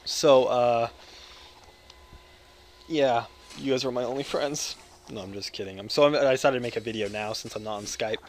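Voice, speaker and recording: A young American man in his twenties, talking in a hyper, rambling way over gameplay. He jokes, swears freely and keeps cutting himself off mid-thought, at a middling pitch for a man. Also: normal speed, long pauses, slight background noise. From United States. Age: 20s. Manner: hyper, joking, profane, self-interrupting. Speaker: gaming video creator.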